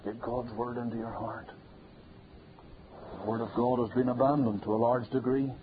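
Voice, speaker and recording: A man preaches with insistent repetition, his voice climbing to forceful loud peaks. The sound is thin and phone-like, with a faint hiss underneath. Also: mid-range voice, flat delivery, moderate pace. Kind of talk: sermon.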